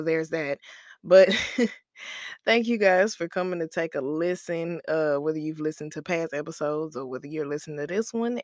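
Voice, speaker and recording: A woman's voice: sits low, no echo, studio quality. Chatty, emphatic woman podcast host. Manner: chatty, emphatic, calls listeners baby and girl; slangy, laughs at herself. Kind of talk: casual motivational podcast talk.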